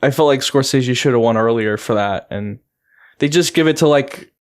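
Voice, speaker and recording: A man's voice: medium pitch, moderate pace. A man with a mid-range voice, rambling through casual podcast talk. He leans on fillers and restarts as he works out his thoughts. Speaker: podcast co-host. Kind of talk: casual chat.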